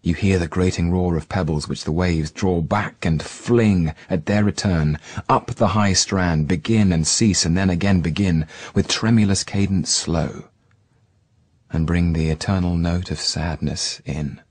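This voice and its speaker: Man, deep husky voice, slow solemn poetry reading, dry close sound. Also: a little mellow, dry recording. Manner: slow, solemn, lingering on words.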